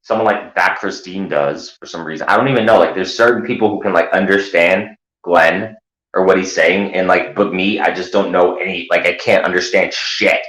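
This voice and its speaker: A male host chatting casually, rambling and animated, slipping into loud mocking voices. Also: sits low, normal speed, reverberant, low-quality recording. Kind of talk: casual chat.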